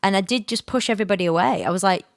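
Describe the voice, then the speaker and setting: A woman's voice: mid-range voice, racing, dry recording, clean studio sound. A young woman on a podcast, candidly telling a painful personal story, tearful and sweary. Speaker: podcast co-host sharing her story.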